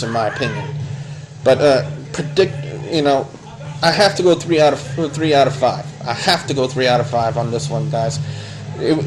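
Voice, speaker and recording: A man's voice: medium pitch, rough recording. A man giving a blunt, opinionated spoken review of a wrestling show, rambling and restarting his sentences.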